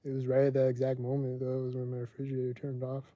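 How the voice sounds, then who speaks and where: A man's voice: mid-range voice, monotone, fast, mellow, no echo, lo-fi sound. A man hosting his own livestream podcast, talking casually and rambling with lots of "like" fillers. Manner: rambling, heavy use of "like". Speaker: livestream host.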